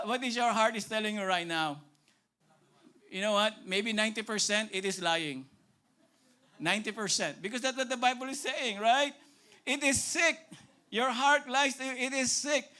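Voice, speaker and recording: Filipino guy preaching, kinda high voice, keeps saying right? and repeating himself. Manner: emphatic, repeats phrases, asks "right?" often; shifts between loud preaching and hushed pleading. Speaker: pastor. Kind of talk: sermon.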